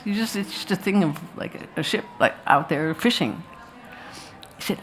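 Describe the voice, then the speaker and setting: A woman's voice: lowish voice, animated, normal speed. Rambling woman telling stories to an audience. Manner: rambling, anecdotal, with restarts and asides. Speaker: filmmaker talking about her film. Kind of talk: live post-screening talk to an audience. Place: festival talk before an audience.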